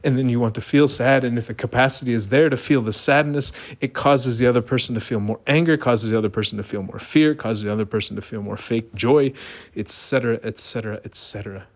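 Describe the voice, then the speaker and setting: A man's voice: mid-range voice, fast talker. A middle-aged man giving an earnest, emphatic monologue, asking rhetorical questions. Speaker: vlogger. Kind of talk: personal monologue.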